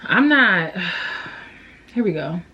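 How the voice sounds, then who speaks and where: A woman's voice: mid-range voice, big pitch swings, very slow, highs cut off, background noise. A young woman, a beauty vlogger, rambling through a makeup tutorial in a slangy, playful way, laughing and sighing often. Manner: rambling, self-deprecating, laughs and sighs often.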